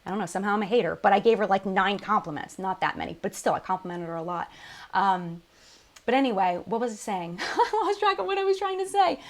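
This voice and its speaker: A woman's voice: mid-range voice, animated, fast. Tearful woman hosting a live chat. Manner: apologetic, emotional, many restarts. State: crying. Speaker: beauty channel host.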